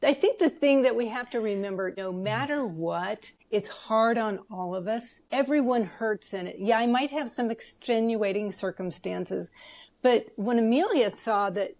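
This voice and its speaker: A woman guest in a casual podcast interview, telling her story in an animated, heartfelt way. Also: fairly high pitch, moderate pace.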